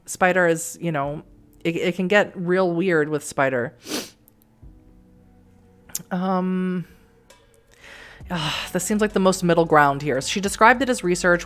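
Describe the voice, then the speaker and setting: Faint music plays behind a middle-aged woman with a fairly low voice and a faint Boston accent, who hails from the Boston area and streams a story game at a moderate pace. She reads aloud and chats with viewers, rambling, laughing, and restarting frequently.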